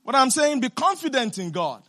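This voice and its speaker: A woman preacher delivering an emphatic sermon, asking the congregation question after question and breaking into shouts and laughter. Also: high-pitched, big pitch swings. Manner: asks the congregation rapid rhetorical questions.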